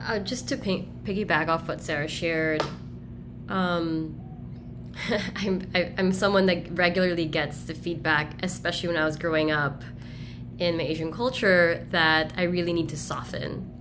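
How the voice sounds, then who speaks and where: A woman speaking as a roundtable guest on a video call, telling a story in a direct, energetic way. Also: lowish voice, moderate pace, noisy background. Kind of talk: casual group discussion.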